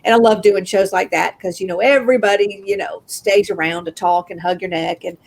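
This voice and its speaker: A woman with a Southern American accent telling a personal story as an interview guest, acting out the voices of the people in it with big jumps in pitch. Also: fairly even intonation, fairly quick, gravelly, darkish tone.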